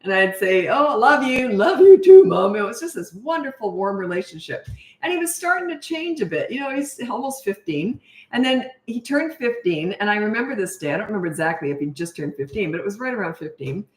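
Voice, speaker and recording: Animated self-mocking woman coach. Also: medium pitch, a little fast, roomy sound. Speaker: parenting coach. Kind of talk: casual storytelling Q&A.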